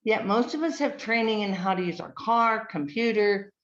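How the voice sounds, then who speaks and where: A woman giving a slide presentation, speaking in a measured way, listing words with frequent ums. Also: mid-range voice, a bit bright. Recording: dull lo-fi recording.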